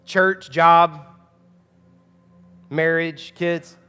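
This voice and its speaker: A man's voice: a little high, flat delivery, extremely slow, pushed and bright, clear, resonant tone, big-room sound, faint music behind. A man in his thirties preaching a sermon as pastor, emphatic and conversational, with frequent rhetorical questions to the congregation. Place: church auditorium.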